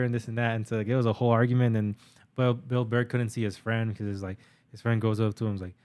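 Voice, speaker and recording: A man's voice: mid-range voice, fairly even intonation, quick pace, darkish tone. A young man co-hosting a podcast, telling stories in a rambling, profane casual chat with many fillers. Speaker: podcast co-host.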